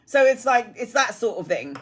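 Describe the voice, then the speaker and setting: A woman in her forties doing a live-stream tarot reading, chatty and blunt, swearing casually and rattling off card meanings in quick lists. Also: fairly high pitch, sing-song. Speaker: tarot reader.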